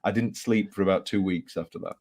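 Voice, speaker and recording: The speaker is an English man with a low, breathy-edged voice and a fairly quick pace. He's an author telling ghost stories in a casual interview, animated, laughing, and using lots of fillers.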